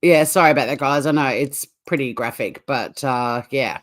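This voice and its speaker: A woman's voice: rumbling low, moderate pace. An Australian woman co-hosting a casual reaction chat, blunt, swearing and laughing often. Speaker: channel co-host.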